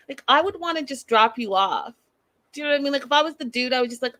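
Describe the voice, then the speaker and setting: Woman host, higher voice, dry close sound, animated sassy recap chat. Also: fast talker, dry recording. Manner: animated, sassy, acts out quotes. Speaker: host recapping a reality show. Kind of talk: casual recap commentary.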